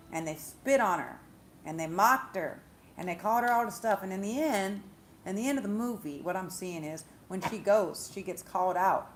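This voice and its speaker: A woman, a spiritual reader, retelling a story in a profane, animated monologue. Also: mid-range voice, a little hiss or hum. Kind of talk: casual monologue vlog.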